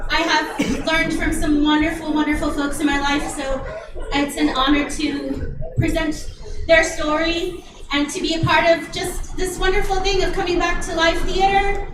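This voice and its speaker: A woman's voice: very high voice, level tone, normal speed. A woman gives a giddy, tearfully grateful acceptance speech as an award-winning stage actress, laughing between her thanks. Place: theater hall before a live audience. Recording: echoey hall, distant mic, crowd noise.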